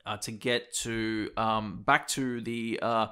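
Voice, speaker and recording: A man co-hosting a casual gaming podcast, animated and swearing freely as he acts out quotes. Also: fairly low pitch, slow pace, smooth. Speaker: podcast co-host.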